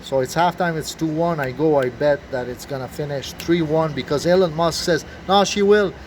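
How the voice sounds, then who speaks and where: A man's voice: on the high side, moderate pace, darkish tone. Agitated swearing man, faint noise behind. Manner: agitated, swearing, restarts and fillers. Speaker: video blogger. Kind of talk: rambling conspiracy monologue.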